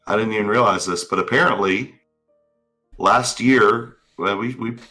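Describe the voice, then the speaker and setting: A man's voice: fairly low pitch, moderate pace, soft background music. A man co-hosting a casual online talk show, rambling loosely with fillers. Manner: relaxed, rambling with filler words. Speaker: podcast co-host. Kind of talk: casual chat.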